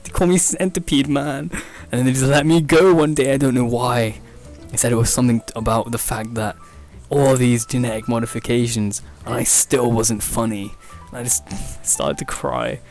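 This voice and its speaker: A young man hosting a podcast, rambling through an improvised absurd comedy story, often laughing at his own jokes and leaping up in pitch when he quotes people. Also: fairly even intonation, normal speed, gravelly, hardly any pauses, a little mellow, soft background music. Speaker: podcast host.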